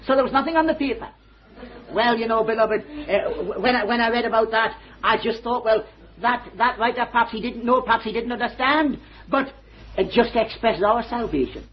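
A man's voice: extremely high pitch, expressive, a little fast. An older man preaching a sermon, fervent and joyful, often breaking into exclamations and laughter. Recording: dull old lo-fi sermon recording.

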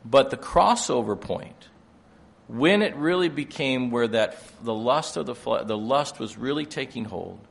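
An older man preaching a sermon, moving between quiet explanation and loud, emphatic passages. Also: medium pitch, lively intonation, a little slow, gravelly, husky.

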